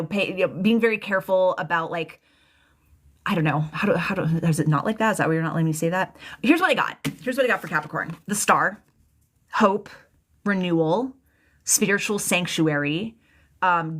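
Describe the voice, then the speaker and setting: Young woman, tarot reader on a live stream. Chatty, emotional, loose and rambling, voice sits a bit low. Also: fairly bright tone.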